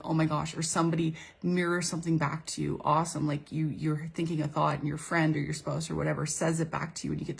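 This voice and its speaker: A woman's voice: low-pitched, creaky, slightly rough. A woman spiritual coach giving an earnest, casual motivational monologue, often restarting and playing out imagined inner dialogue. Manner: earnest, repeats herself, quotes imagined speech.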